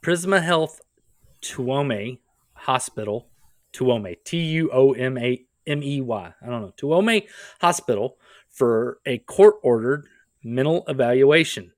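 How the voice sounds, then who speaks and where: A man co-hosts a comedy podcast, recounting stories in a relaxed, casual way with dry, wry asides. His voice sits in an ordinary middle pitch. The sound is close and dry, with no room echo. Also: takes it slowly. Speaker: podcast co-host.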